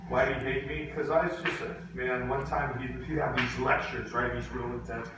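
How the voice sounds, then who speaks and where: A man teaching a class, telling a story and acting out the quotes in lively voices. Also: mid-range voice, a little fast, noisy background. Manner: animated, acts out quotes in voices. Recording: echoey classroom from far off.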